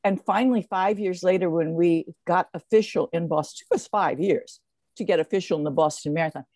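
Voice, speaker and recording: An older woman, a guest in an interview, telling stories in a lively way with many fillers and restarts. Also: fairly low pitch, a little fast, no room sound. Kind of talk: casual interview storytelling.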